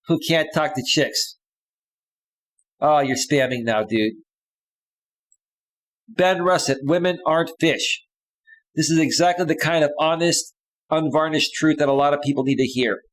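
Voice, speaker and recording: On a live stream, a male dating coach reads viewers' chat comments aloud and answers them in an emphatic, conversational way. His voice sits a bit higher than most men's, and he keeps checking in with "right?" as he makes his points.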